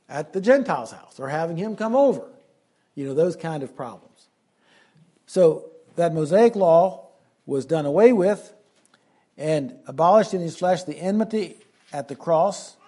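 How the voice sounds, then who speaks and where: A man preaching an expository Bible lesson, slowing down to stress key phrases. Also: a little high, dark tone, husky.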